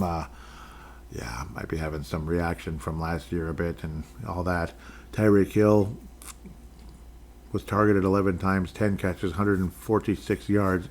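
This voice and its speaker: A man's voice: deep voice, a little mellow. A man hosting a casual sports podcast, running through game stats with rambling, jokey asides. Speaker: podcast host.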